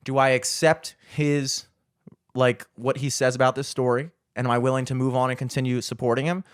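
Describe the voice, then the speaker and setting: A man co-hosting a podcast in casual, animated chat, swearing and laughing often. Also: mid-range voice, no room sound, studio quality. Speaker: podcast co-host.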